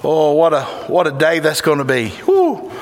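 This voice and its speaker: High-voiced fervent Tennessee preacher. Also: male voice, steady tone, brisk. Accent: Southern US, Tennessee. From Tennessee, USA. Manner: fervent and folksy, with bursts of exclamation. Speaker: guest preacher. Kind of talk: sermon. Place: church sanctuary. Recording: echoey church hall reverb.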